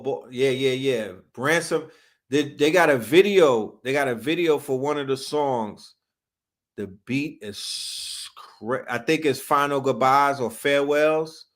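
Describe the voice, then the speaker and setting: A man from New York hosting a casual livestream, talking hip hop in loose slang and reacting to comments from chat. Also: mid-range voice. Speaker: livestream host.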